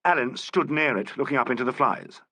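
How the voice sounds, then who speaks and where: A man narrating a classic mystery novel as an audiobook in an expressive, even-paced way. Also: medium pitch, brisk, dry recording.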